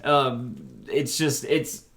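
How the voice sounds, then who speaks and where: A man's voice: medium pitch, fairly even intonation, drawn-out words, fairly bright tone. A man co-hosting a podcast, bluntly criticising a film in casual chat, restarting his sentences often. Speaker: podcast co-host.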